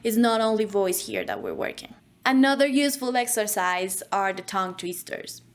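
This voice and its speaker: A woman's voice: medium pitch, big pitch swings, normal speed. A woman teaching an online voice acting course, speaking in an instructive way and demonstrating diction drills.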